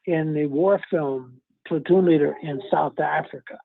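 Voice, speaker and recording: A man's voice: on the high side, unhurried, gravelly, slight background noise. An older man from New York City telling stories in a casual interview, rambling and chuckling as he searches for names. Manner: rambling, chuckling, loses names mid-story. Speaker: actor being interviewed. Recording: tinny phone-like call audio.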